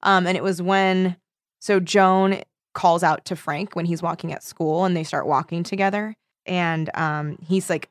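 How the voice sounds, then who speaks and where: A woman's voice: on the low side, fairly even intonation, measured pace, no echo, clean studio sound. A woman co-hosting a casual book discussion podcast, chatty and given to reading passages aloud. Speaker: podcast co-host. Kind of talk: casual book club chat.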